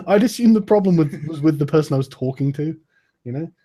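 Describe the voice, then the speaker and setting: A man's voice: fairly high pitch, animated, a little fast, mellow. A man in casual, profane podcast chat, laughing often and mocking with sarcastic put-on quotes.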